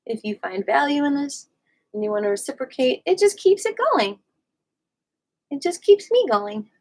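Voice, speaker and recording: Woman teaching qigong live, sing-song and gushy, slightly high voice, swoops way up when she's being sweet. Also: big pitch swings, normal speed, low-quality recording. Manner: gushing, sing-song, warmly encouraging; swoops up high on affectionate words. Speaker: qigong and yoga instructor. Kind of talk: live online movement class.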